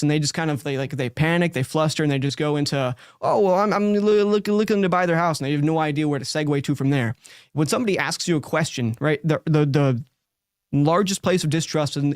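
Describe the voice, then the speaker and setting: A man's voice: fairly high pitch, dry recording, clean studio sound. A man who hosts a show, giving direct, talkative live coaching feedback with many likes and restarts. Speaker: sales coach and show host.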